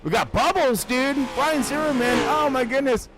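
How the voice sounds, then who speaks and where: A man giving casual, jokey sim racing commentary who gets excitable and shouts when cars crash. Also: extremely high pitch, normal speed, background noise. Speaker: race commentator.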